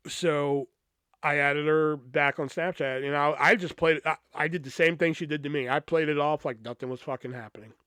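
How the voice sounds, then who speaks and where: A man's voice: on the high side, fairly even intonation, a little fast, bright, forceful tone, smooth, dry recording, clean studio sound. A young man hosting a podcast, telling a personal story in a casual, profane, rambling way with frequent restarts. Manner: profane, rambling, lots of restarts and "you know". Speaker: podcast host.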